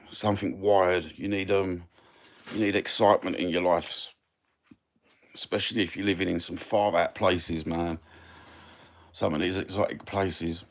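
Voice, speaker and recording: Older cockney geezer doing a live chat, deep low voice, rambly and friendly, lots of mate and brother. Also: male voice. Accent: Cockney London. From England. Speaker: live stream host. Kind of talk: casual live chat answering viewers.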